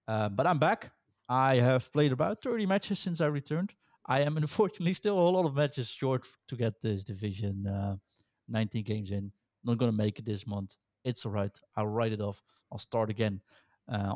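A man's voice: medium pitch, darkish tone, dry recording, clean studio sound. A man in his thirties hosting a podcast, chatting casually and joking with frequent laughs. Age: 30s. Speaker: podcast host. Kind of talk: casual chat.

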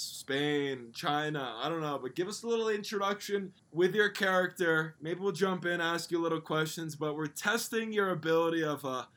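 High-voiced man hosting a podcast. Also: fairly bright tone. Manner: bossy, laughs a lot, swears. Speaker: podcast host. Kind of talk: casual podcast chat.

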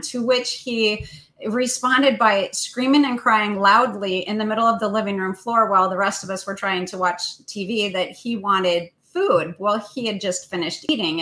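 Gentle woman telling a parenting story. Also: medium pitch, rough recording. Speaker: co-host. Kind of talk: casual parenting talk.

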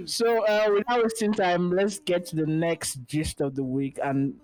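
A man's voice: high voice, fairly even intonation, slow, hardly any pauses, no echo, low-quality recording. A man hosting a podcast over a call, talking casually and giving his opinions with many restarts. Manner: laid-back, opinionated, frequent restarts. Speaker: podcast host. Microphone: remote call.

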